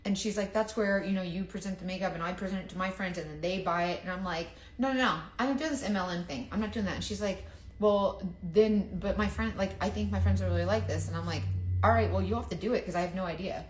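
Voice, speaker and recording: A chatty woman tells a rambling, self-deprecating story and acts out what other people said. She speaks at an ordinary middle pitch. Her voice bounces around an echoey indoor room. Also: fast, a little hiss or hum. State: sweating, overheated from layers. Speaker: makeup seller. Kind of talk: casual storytelling vlog.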